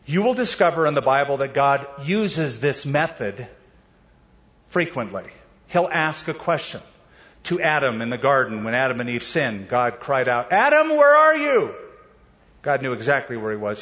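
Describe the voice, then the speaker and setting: A man preaching a sermon in a lively, casual way, mixing slang with scripture and acting out the voices in the stories with sudden leaps in pitch. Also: moderate pace, highs cut off. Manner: animated preaching, acting out quoted voices with big pitch jumps. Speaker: pastor.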